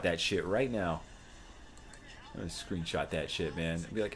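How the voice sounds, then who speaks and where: Brief: young man, low-voiced stream host from Florida, swears freely and gets hyped calling the fight live. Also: moderate pace, breathy edge. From Florida, USA. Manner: profane, excitable, rambling. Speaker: livestream host. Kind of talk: live fight watch-along commentary.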